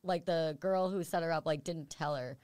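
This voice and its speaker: A young woman hosts a casual podcast, rambling through a story and acting out quoted voices. Her voice sits lower than most women's, recorded close and dry. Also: normal speed, a little mellow, no echo. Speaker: podcast host.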